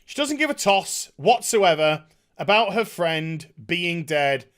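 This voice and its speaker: A man's voice: sits high, very animated, slow, a bit bright. A man ranting sarcastically in a review vlog, exasperated and swearing a lot. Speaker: TV episode reviewer.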